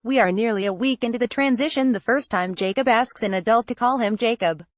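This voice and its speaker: A woman narrating a memoir excerpt in an even, measured reading voice that changes little for the quoted lines. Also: fairly high pitch, dry recording. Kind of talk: steady read-aloud narration.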